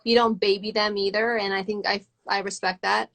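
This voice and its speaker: An upbeat, chatty woman leading a casual livestream conversation. She fills her speech with easygoing filler words, and her voice sits at a middle pitch. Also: little pitch movement, fairly quick, creaky, a bit bright. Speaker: interviewer asking questions.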